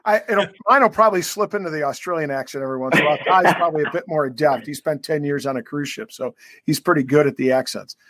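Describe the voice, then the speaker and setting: A man's voice: fairly high pitch, fast, a bit bright, no room sound, clean studio sound. A man co-hosting a sports podcast interview, joking and rambling with plenty of fillers. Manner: jokey, rambling, filler-heavy. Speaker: co-host.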